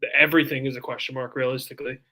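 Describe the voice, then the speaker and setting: A man co-hosts a casual sports talk show in a laid-back way and laughs easily. His voice is bright and a little sharp, and his words come out in fast bursts. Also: mid-range voice, flat delivery. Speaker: podcast co-host.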